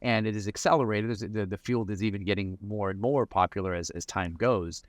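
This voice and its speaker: A man's voice: on the low side, fairly quick, no echo. A man answering interview questions as a mental performance coach, reflective and often repeating words as he starts a thought.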